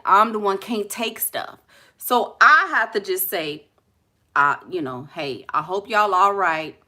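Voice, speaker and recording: Casting: bright, forceful young woman with a Houston drawl, blunt and laughing as she riffs on viewer comments. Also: medium pitch. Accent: Southern US (Houston). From Houston, Texas. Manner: blunt, laughing, talks back to chat. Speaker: vlogger reading live comments. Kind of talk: casual chat.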